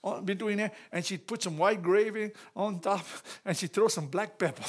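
A man giving a lively church message, telling stories, repeating phrases and laughing often. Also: high-pitched, moderate pace, breathy edge. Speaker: church speaker.

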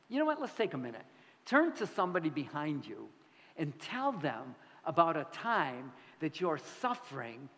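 A man preaching a conversational, animated sermon as a pastor, with sudden loud bursts of emphasis. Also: fairly high pitch. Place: church sanctuary. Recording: long hall reverb.

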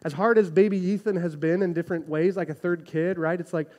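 A man in his thirties preaching a sermon in a lively, conversational way, often checking in with "right?". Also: high voice, brisk. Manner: animated, conversational preaching with frequent "right?" asides. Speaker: pastor.

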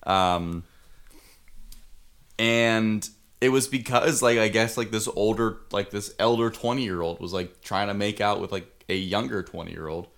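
Young male co-host, lower voice, quick jokes, rambling filler-heavy banter. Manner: joking, filler-heavy, animated put-on quotes. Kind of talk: casual chat.

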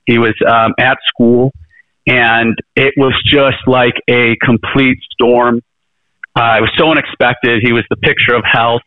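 A man's voice: mid-range voice, flat delivery, unhurried, dry recording. Middle-aged guy rambling earnestly about his life, sounds like he's on a tinny phone line, dry. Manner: earnest, rambling, frequent restarts and fillers. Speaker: interview guest, presidential candidate. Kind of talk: casual interview storytelling.

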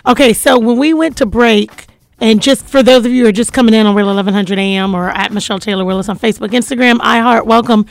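A woman from Florida hosts a radio talk show in a slightly higher voice, playful and teasing with quick asides. Her sound is dry and close. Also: gravelly, dry recording. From Duval County, Florida.

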